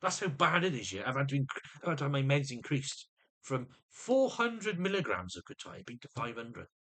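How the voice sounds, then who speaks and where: A man's voice: mid-range voice, very animated, moderate pace, fairly bright tone. A man venting to camera in an agitated monologue, often restarting and repeating his words. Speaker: vlogger.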